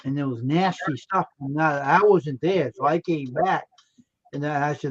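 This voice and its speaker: Brief: male co-host, higher voice, animated and crude, laughs through his stories; dry, dull stream audio. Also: moderate pace, a little hiss or hum. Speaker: livestream co-host. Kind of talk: casual storytelling chat.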